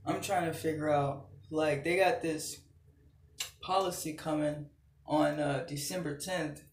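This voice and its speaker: A man's voice: on the high side, steady tone, measured pace, roomy sound. A man ranting heatedly into his phone camera, swearing often and repeating himself. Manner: heated, profane, repetitive. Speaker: channel host. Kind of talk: angry ranting vlog.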